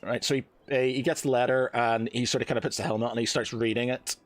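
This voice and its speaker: A man runs a tabletop game as dungeon master, his voice at a middle pitch. He narrates in a rambling way, full of fillers and restarts. The sound is close and dry, with no room echo. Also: fairly even intonation, fast.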